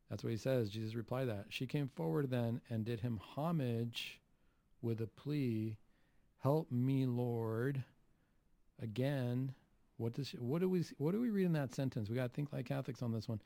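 Gravelly, dark-voiced preacher man. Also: mid-range voice, moderate pace, dry recording. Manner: animated, rhetorical questions, acts out quotes. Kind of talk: Catholic homily on the Gospel.

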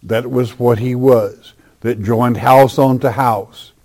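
A man teaching from the Bible in sermon style, emphatic and repeating his points, often dropping soft at the ends of lines. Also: mid-range voice, steady tone, slow. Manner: emphatic, repeats phrases, drops softly at line ends.

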